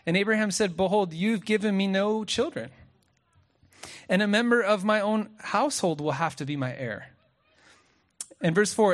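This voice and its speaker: A man preaching a sermon outdoors at sunset, lively and joking, often asking the crowd questions and reading scripture aloud. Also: sits high, moderate pace, long pauses.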